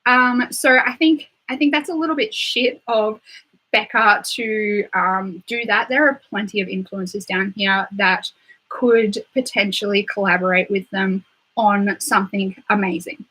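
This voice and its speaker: A woman's voice: mid-range voice, a little slow, sharp tone, poor audio. A young Australian woman chatting casually on a live stream, filling her talk with "like" and "um". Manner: chatty, full of "like" and "um" fillers. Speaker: beauty livestreamer.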